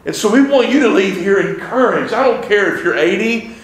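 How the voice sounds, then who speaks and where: A man's voice: high voice, expressive, fairly quick. A man preaching a revival sermon as a visiting evangelist, fervent and conversational, reading scripture in old-style wording. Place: church sanctuary. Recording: echoey church sanctuary.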